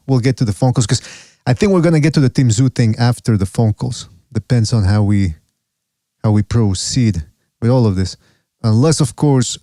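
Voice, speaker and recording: A man's voice: mid-range voice, warm tone, no room sound, studio quality. A man hosting a live podcast in casual chat, rambling and often breaking off mid-sentence, swearing freely. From Canada. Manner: rambling, self-interrupting, profane. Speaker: podcast host.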